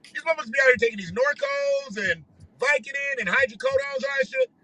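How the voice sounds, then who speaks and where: A man's voice: very high voice, wildly swooping pitch, quick pace, bright, forceful tone, slight background noise, low-quality recording. A man ranting profanely on a livestream while driving his car. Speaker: livestream host. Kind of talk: casual ranting monologue.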